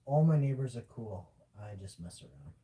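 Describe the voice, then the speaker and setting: A man's voice: animated, normal speed, mellow. A man chatting casually on a livestream, rambling and joking with lots of fillers. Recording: distant mic with faint rumble.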